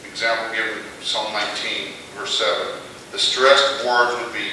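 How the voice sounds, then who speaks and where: A man teaching a midweek Bible class. He explains slowly, pausing between phrases, and asks the class questions. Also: fairly low pitch, steady tone, gravelly, pushed and bright. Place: church classroom. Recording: echoey room, distant mic, background noise.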